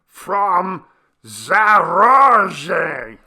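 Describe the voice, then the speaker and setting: A man voicing a loud, throaty village man who yells at the top of his voice. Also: high voice, very animated, very slow, pitched above the performer's own voice, exaggerated voice. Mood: bellowing. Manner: bellowing, straining to be heard.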